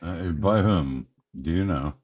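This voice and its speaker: Very deep-voiced, slow male player. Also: a little mellow. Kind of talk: tabletop game chat.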